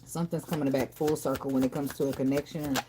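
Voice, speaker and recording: A woman's voice: a bass voice, steady tone, quick pace, noisy background. A woman giving a casual tarot reading in a blunt, profane, talkative way. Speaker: tarot reader.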